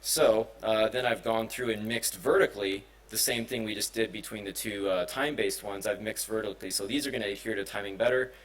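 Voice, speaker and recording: A man's voice: lowish voice, fairly even intonation, brisk, few pauses, poor audio. A man giving a conference presentation on simulation and music, talking casually with many fillers and restarts. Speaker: conference speaker. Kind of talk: technical presentation. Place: conference hall.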